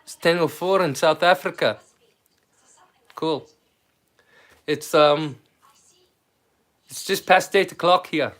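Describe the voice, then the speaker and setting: Scottish man, high voice, rambling live-stream host chatting with viewers, swears freely. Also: slow pace, long pauses, a bit bright. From Scotland. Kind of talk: casual live-stream chat.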